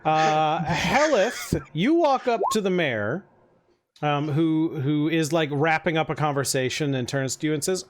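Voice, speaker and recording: Dm guy rambling thru a scene description, highish voice, goes up and down a lot. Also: lively intonation, unhurried. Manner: rambling, filler-heavy description. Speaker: game master. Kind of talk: narrating a tabletop game.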